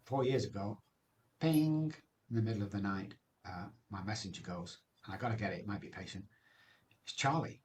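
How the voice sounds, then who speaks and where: A man's voice: fairly low pitch, normal speed, darkish tone, a little hiss or hum. A man, telling his recovery story as a guest in an emphatic, personal way, often ending phrases with "man". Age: 60s.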